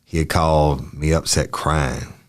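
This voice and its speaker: A man's voice: extremely low pitch, steady tone, measured pace. A man reading out the answers of a young male witness in a police interview, polite and brief. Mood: plain. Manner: short answers, polite "yes, sir".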